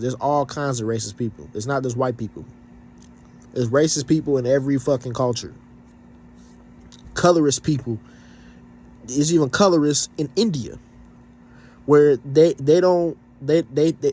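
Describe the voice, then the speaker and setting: A man's voice: mid-range voice, a little mellow. A man vlogging in a casual rant, blunt and profane, sounding slightly stuffed up.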